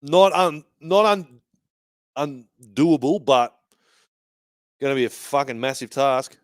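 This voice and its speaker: A man's voice: medium pitch, animated, takes it slowly, dry recording, studio quality. A man hosting a fan live stream from a bar, giving casual, sweary match commentary and banter.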